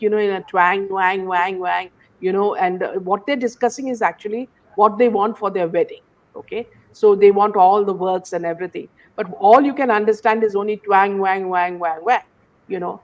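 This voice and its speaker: A woman's voice: mid-range voice, a little mellow. Woman host with scornful rambling commentary. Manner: scornful, rambling, peppered with "you know". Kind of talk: opinionated commentary chat.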